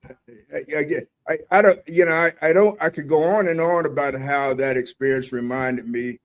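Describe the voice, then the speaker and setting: A man's voice: a little high, fairly even intonation, moderate pace. An older man from the Eastern Shore hosting a casual discussion, hesitant and often restarting his sentences.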